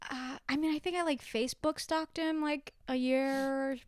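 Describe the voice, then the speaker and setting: A woman's voice: high-pitched, fairly even intonation, normal speed, a little mellow, no room sound, clean studio sound. A woman guest on a casual podcast, telling personal stories with frequent giggles and filler words.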